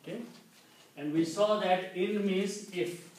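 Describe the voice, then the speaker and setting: A man teaching a classroom Quran lesson, explaining slowly and checking in with "okay" as he repeats each point. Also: sits high, darkish tone. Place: community center classroom. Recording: very echoey room, distant mic, faint noise.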